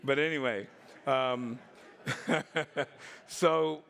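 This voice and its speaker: A man in his sixties telling stories on a conference stage in a lively way, acting out the voices and laughing often. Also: mid-range voice, very slow, gravelly. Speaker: conference speaker. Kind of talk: storytelling talk.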